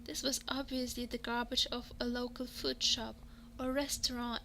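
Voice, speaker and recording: A woman's voice: a little high, flat delivery, normal speed, vocal fry, noisy background. A woman reading a text adventure game aloud in second person, sometimes dropping to a whisper. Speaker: game narrator. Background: background music.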